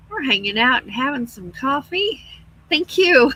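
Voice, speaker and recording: In a relaxed live-stream chat, a middle-aged woman laughs frequently as she reads viewer comments aloud. Her high voice swings widely in pitch and moves unhurriedly, bright and forceful with a breathy edge. The recording is dry and rough.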